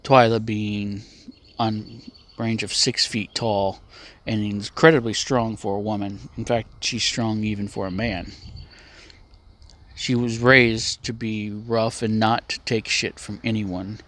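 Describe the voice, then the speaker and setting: Slow, low-voiced male storyteller. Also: flat delivery, a bit bright. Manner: unhurried and plainspoken, with a few restarts. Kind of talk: casual spoken storytelling.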